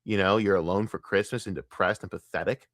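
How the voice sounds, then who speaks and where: Guy streamer ranting, cursing a lot, kinda low voice, dead dry mic. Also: steady tone, a little fast, a bit bright, dry recording. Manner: profane, blunt, repetitive ranting. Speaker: streamer reacting to a video. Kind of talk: ranting commentary.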